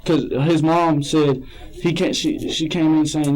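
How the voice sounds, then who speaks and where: A man's voice: fairly high pitch, steady tone, unhurried, darkish tone, poor audio. A man being questioned by police, rambling and hesitant, often repeating himself. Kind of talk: police interrogation.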